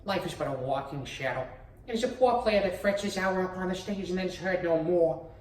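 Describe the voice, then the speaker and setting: A man doing an impression of a dim-witted middle-aged cartoon dad with a Boston accent and raspy S sounds, hamming up a dramatic recital. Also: high-pitched, a little fast, close to an everyday voice. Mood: hammy. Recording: roomy echo, distant mic.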